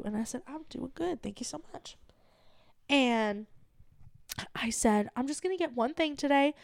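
A young adult woman co-hosting a comedy podcast tells a story in casual chat, animatedly acting out quoted dialogue and swearing freely. Her high, gravelly voice moves at a moderate pace with long pauses, and the recording is dry.

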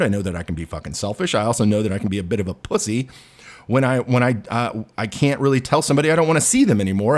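A man hosting a podcast, delivering a profane, self-deprecating rant. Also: medium pitch. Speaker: podcast host.

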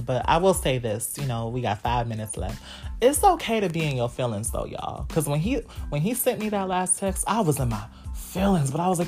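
Brief: low-pitched woman in her twenties, candid solo podcast host, salty and laughing, soft music behind. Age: 20s. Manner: frank, profane, laughing, talks straight to listeners.

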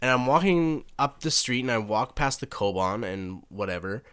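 A man who teaches junior high school, telling a story in casual chat with lots of swearing and animated retellings. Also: moderate pace, clean tone.

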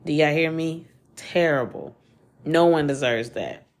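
A woman hosting a true-crime podcast alone, talking casually and quickly in loose slang and swearing freely. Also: sits low. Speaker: podcast host. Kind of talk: casual solo podcast chat.

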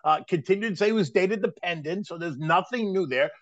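A man's voice: high-pitched, fast, no echo, muffled recording. A man as a guest commentator talking markets in a conversational way, with restarts. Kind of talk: casual market talk.

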